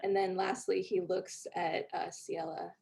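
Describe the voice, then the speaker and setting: A woman's voice: fairly low pitch, a little slow, vocal fry. Woman narrating as game master. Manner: relaxed, with frequent fillers.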